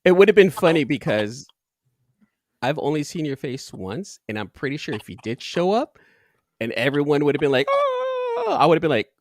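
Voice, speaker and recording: A man's voice: fairly high pitch, expressive, moderate pace, darkish tone, no room sound. A male host from Northern California in a loose livestream hangout. His voice rises and falls a lot and sounds dry and close, and he laughs easily, trailing off and restarting his sentences. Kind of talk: casual chat.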